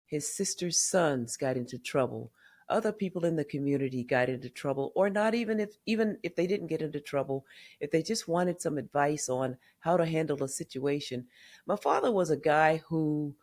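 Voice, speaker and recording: Speaking at normal speed in a low, slightly mellow voice, an older Southern memoirist recounts her family's stories in a podcast interview. She's frank about them and acts out what her relatives said.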